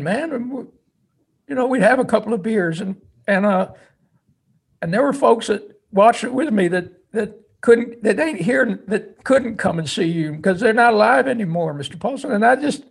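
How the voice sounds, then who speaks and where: A young army veteran fighting back tears , voiced by a man retelling the story. He speaks in halting, repeated bursts with plain folksy grammar. His voice sits noticeably higher than the storyteller's own and strains as it rises. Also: creaky, a little mellow, husky, full character voice. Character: tearful young male army veteran, choked up.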